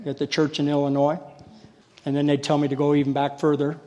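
A man's voice: on the high side, completely flat delivery, a little fast, dark tone, lo-fi sound. A male preacher telling folksy, self-deprecating stories in a sermon. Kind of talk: sermon with storytelling. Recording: long hall reverb.

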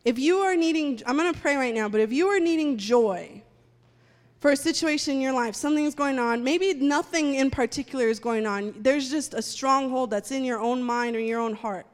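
A woman's voice: high voice, normal speed. A woman preaching a sermon and leading prayer in a church, speaking with fervent conviction. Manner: fervent, rising to loud praying. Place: church sanctuary. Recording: long hall reverb, faint music.

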